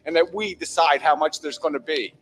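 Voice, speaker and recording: A man's voice: fairly high pitch, a little fast, fairly bright tone, slight background noise, low-quality recording. A man delivering a furious, heavily profane monologue, berating his listeners. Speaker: commentator. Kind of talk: angry monologue rant.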